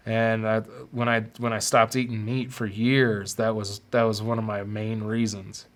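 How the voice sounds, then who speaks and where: A man's voice: fairly low pitch, little pitch movement. A man hosting a podcast, speaking in a confessional personal monologue. He halts often and repeats words as he searches for what to say. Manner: halting, repeats words while searching for them. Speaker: podcast host.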